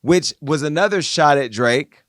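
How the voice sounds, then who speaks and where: A man hosting a podcast, giving casual, opinionated pop-culture commentary in an animated, gossipy way. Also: fairly high pitch, measured pace, a little hiss or hum. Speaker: podcast host.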